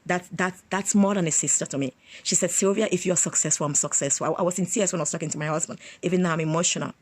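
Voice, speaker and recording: A woman's voice: fairly low pitch, fairly even intonation, rapid-fire. A middle-aged woman, an author and motivational speaker, talking effusively and emphatically, often repeating her phrases. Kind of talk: motivational livestream talk.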